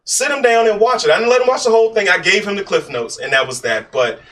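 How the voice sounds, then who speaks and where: A man's voice: high-pitched, quick pace, fairly bright tone, far from the mic. A man co-hosting a podcast, talking casually and ranting animatedly, swearing freely. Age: adult. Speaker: podcast co-host. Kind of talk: casual chat.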